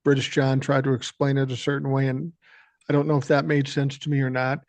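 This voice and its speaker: A man's voice: mid-range voice, monotone, brisk, no room sound. An older man hosting a podcast, talking bluntly and profanely, pressing harder on his key points. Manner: blunt and profane, rising with emphasis. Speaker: podcast host. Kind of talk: casual political chat.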